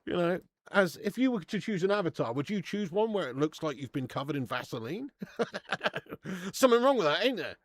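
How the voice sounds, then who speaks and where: A man's voice: fairly high pitch, expressive, normal speed, no room sound. Sweary, bantering football stream host, man. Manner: sweary, laughing banter with viewers; reads out viewer super chats. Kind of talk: live football watch-along chat.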